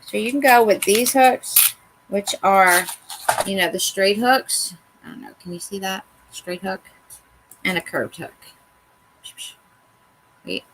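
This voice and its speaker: Over a noisy background, a woman with a medium-pitched voice leads a crafts tutorial at a measured pace. She's chatty and self-mocking, talking to herself while she works in a casual how-to style.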